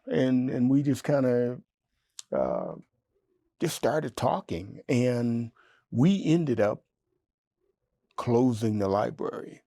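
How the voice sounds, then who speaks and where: A man in his sixties, an interview guest telling a story in a lively way, jumping up in pitch when he quotes himself. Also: slow, pauses often, no room sound. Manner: animated storyteller, jumps high in pitch when quoting himself.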